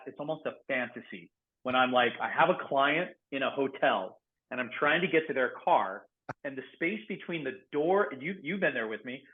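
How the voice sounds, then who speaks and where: Male podcast guest, ex-negotiator, lively storyteller; thin phone-line audio. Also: a little high. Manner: animated storyteller, laughs often, acts out quotes loudly. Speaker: guest, former SWAT negotiator and security professional. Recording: phone-like narrow band audio.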